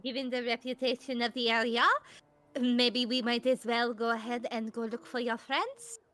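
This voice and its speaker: Woman, tabletop player, measured, thoughtful, fairly high voice. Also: level tone, fairly bright tone. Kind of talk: tabletop game play.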